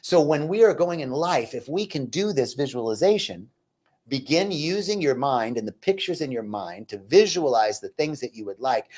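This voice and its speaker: On a livestream, a spiritual teacher with a highish, darkish-toned voice gives an inspirational talk. He then leads a guided gratitude meditation packed with fervent, repeated affirmations.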